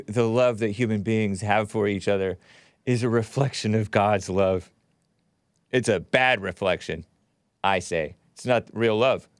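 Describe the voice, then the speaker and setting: A man's voice: lowish voice, clear, resonant tone, dry recording, studio quality. A man hosting a call-in talk show, chatting casually, laughing often and reading out listener comments. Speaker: radio call-in show host.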